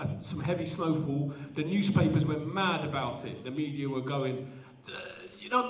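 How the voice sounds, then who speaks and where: Poet, male, high pitch, animated rhythmic delivery, heard from afar in a roomy space. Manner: animated, self-deprecating between poems. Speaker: poet performing at a student event. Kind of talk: spoken word poetry performance. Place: large indoor event hall. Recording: echoey hall, voice from a distance.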